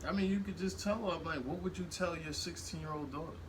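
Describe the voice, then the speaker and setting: A man co-hosting a casual podcast who backs up his friend and chimes in with quick affirmations. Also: on the high side, fairly even intonation, background noise. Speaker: podcast co-host. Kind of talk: casual conversation. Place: shop. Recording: voice distant from the mic.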